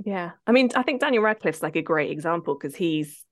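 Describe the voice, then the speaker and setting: A woman's voice: lowish voice, lively intonation, brisk, no room sound, clean studio sound. A woman co-hosting a podcast, telling stories in a chatty way full of fillers and laughter. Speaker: podcast co-host. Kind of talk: casual interview chat.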